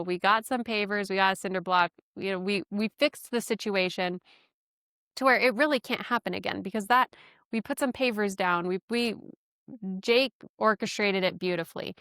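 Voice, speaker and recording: Her mid-range voice is fairly bright and clean, moving at a moderate pace. As a podcast host, she chats through a personal story, poking fun at herself and laughing frequently, all captured in a dry, clean studio recording.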